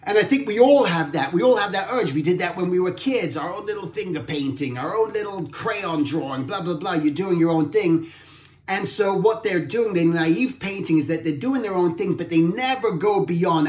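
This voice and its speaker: A man's voice: sits high, lively intonation, normal speed. A man giving an informal art talk, reflective and rambling, often correcting himself mid-sentence. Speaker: art instructor. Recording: roomy echo.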